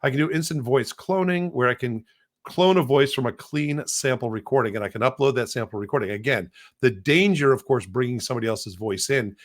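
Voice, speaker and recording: A middle-aged man hosts a casual podcast at an average pitch for a man. He rambles, repeats words and restarts his sentences as he explains what he is doing. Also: a little fast. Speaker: podcast host.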